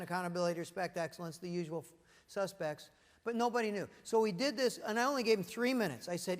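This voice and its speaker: A middle-aged keynote speaker gives a corporate leadership presentation to an audience seated at tables in a large meeting room, telling stories and asking rhetorical questions. His voice is high-pitched, with a long reverb tail.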